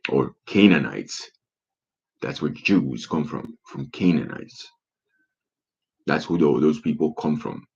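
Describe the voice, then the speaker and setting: A man's voice: a bass voice, gravelly, slightly rough. A man talking in a profane, rambling monologue full of rhetorical questions, on a dull lo-fi recording.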